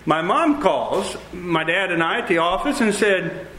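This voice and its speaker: A man preaching a sermon, telling lively stories with acted-out dialogue. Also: sits high, measured pace, slight background noise. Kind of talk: sermon with storytelling. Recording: roomy echo.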